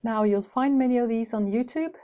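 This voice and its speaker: A woman's voice: on the high side, brisk. A woman giving a lecture on teaching English with rhymes, explaining points with light asides. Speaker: teacher educator. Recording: dull lo-fi recording.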